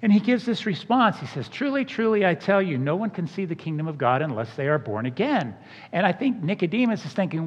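Animated preacher man in an echoing hall. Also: sits high, fairly quick. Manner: animated, acts out quoted voices. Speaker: pastor. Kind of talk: sermon. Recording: dull sound with long hall reverb.

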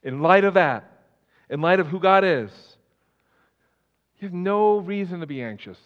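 A man preaching with passion, his voice rising to loud emphatic lines and dropping to quiet ones. His tone is smooth and resonant, a little higher than most men's. The sound is dull and carries a long hall reverb. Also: lively intonation, measured pace. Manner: impassioned preaching, swings between loud and soft. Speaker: pastor. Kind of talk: sermon. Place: church sanctuary.

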